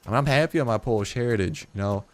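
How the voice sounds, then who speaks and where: A man's voice: medium pitch, very fast. A late-teen man giving casual gameplay commentary as a video host, rambling, joking and swearing often. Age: late teens.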